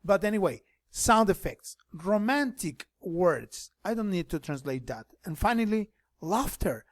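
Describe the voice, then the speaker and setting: A man teaching an online class, explaining things slowly and switching between English and Spanish. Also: high-pitched, very animated, dry recording, clean studio sound.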